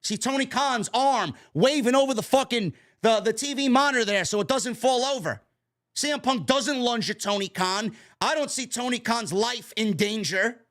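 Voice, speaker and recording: A man's voice: moderate pace, a bit bright. A man hosting a wrestling commentary stream, ranting with heavy profanity and mocking, exasperated sarcasm. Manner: mimics others in high sarcastic voices.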